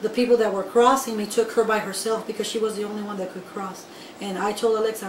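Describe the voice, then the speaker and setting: A woman from Guatemala, telling her own story in an interview in an animated, emphatic way and speaking straight to the listeners. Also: mid-range voice, normal speed. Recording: echoey room, voice from far off, faint background noise.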